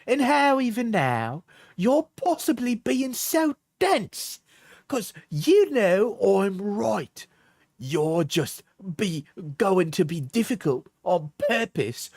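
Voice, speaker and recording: A man putting on a high, whiny voice with a mock Cockney accent to mock an angry young woman. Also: no room sound, clean studio sound, full character voice. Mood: accusing. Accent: mock British, Cockney attempt. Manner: mocking falsetto, drawn-out whiny delivery. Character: shrill angry young woman, petty and accusing. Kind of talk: mocking read-aloud of messages.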